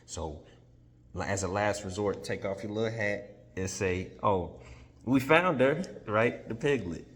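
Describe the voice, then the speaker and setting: A man's voice: fairly low pitch, expressive, measured pace, big-room sound. A man doing a scheming, coaxing wizard. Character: scheming old wizard, fatherly.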